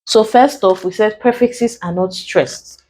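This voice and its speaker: During an exam-prep lesson, a Nigerian-accented woman writes on a board and goes back over the main points in a slow, careful manner. Her mid-range voice is a little mellow, and the recording sounds poor.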